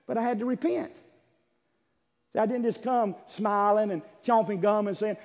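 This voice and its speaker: A male pastor preaching a sermon in a church, swinging from loud impassioned calls to hushed pleading. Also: high-pitched, normal speed. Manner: impassioned preaching, voices God's words, swings from shouting to hushed. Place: church sanctuary. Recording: long echo of a large hall.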